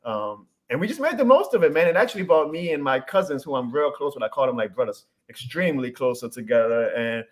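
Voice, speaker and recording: Fast and with few pauses, a mid-range-voiced man in his thirties from New Orleans tells stories in a thick New Orleans accent. He's a guest content creator on a casual podcast, animated, upbeat and earnest.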